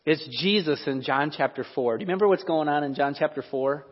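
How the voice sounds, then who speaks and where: Animated preacher in an echoing hall. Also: male voice, fairly high pitch, fast talker. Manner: conversational, animated, asks the audience questions. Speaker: pastor. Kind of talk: sermon. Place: church hall. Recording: dull, lo-fi recording in a reverberant hall.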